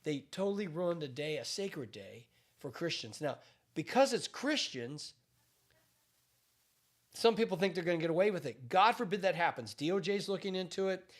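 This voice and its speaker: A man's voice: on the high side, expressive, normal speed. A man speaking as a pastor, giving emphatic commentary on current events with repeated phrases and frequent restarts.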